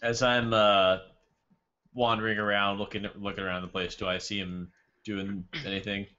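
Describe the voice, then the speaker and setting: A man's voice: fairly low pitch, level tone, normal speed, sharp tone. A man playing a tabletop game, asking rules questions in casual talk. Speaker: player. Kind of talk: casual tabletop role-play. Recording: dull, muffled lo-fi mic.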